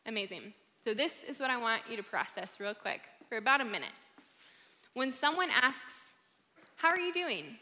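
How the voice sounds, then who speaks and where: A woman's voice: a little high, big pitch swings, moderate pace, sharp tone. A woman giving an upbeat, encouraging talk to a live audience in a large room, chatting casually as she speaks. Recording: hall reverb.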